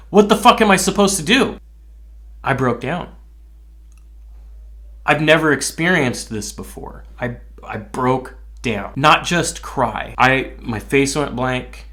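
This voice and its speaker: A man's voice: mid-range voice, fairly bright tone. A man who works as a line cook, telling a personal story in a candid, rambling way with plenty of swearing. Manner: candid, profane, rambling with restarts.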